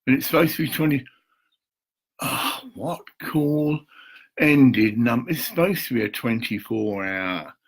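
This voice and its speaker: A man's voice: mid-range voice, expressive, unhurried, husky, low-quality recording. An older man, rambling and muttering to himself at home while talking to camera, swearing now and then. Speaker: vlogger.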